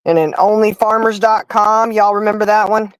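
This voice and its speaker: A woman's voice: mid-range voice, level tone, normal speed, no echo, poor audio. A middle-aged woman hosting a livestream and chatting casually, telling stories straight to her viewers. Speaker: livestream host. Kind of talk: casual chat.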